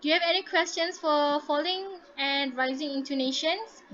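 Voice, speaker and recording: Bright, high-voiced woman teacher. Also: normal speed, lo-fi sound. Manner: encouraging, models intonation aloud. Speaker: English teacher. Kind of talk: online class teaching.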